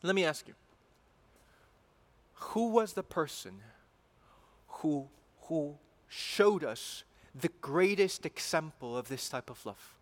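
Earnest male preacher, slightly high voice. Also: expressive, slow pace, long pauses. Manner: earnest, rising to emphatic passion, with repeated phrases. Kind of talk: sermon.

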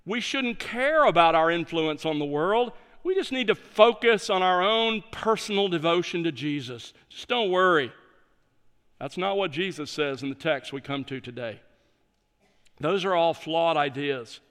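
High-voiced man preaching in an echoing hall. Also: expressive, unhurried, a bit bright, clean tone. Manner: emphatic preaching, stresses key words. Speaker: pastor. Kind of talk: sermon.

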